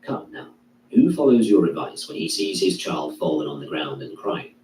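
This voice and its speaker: A man reading a classical philosophy text aloud in a measured, declaiming way. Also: deep voice, big pitch swings, a little mellow. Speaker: reader. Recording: echoey room, distant mic, faint hum.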